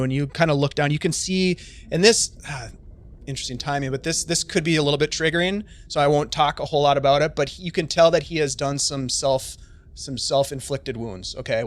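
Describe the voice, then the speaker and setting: A man's voice: on the high side, fairly bright tone, no echo. A man narrating a tabletop game on a live stream as game master, chatty and full of fillers.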